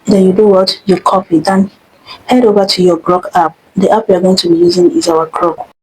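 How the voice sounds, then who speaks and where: A young woman walks viewers through a tutorial. Her voice is low and husky. She explains in a chatty, repetitive way, circling back to her points. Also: level tone, a little fast, darkish tone, rough recording. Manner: chatty, instructive, repeats herself. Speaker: tutorial host. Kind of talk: screen-recorded tutorial.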